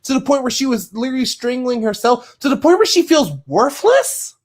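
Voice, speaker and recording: High, lively-voiced woman lecturing. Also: fairly quick. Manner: impassioned, lecturing, repeats questions. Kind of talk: heated voice chat confrontation.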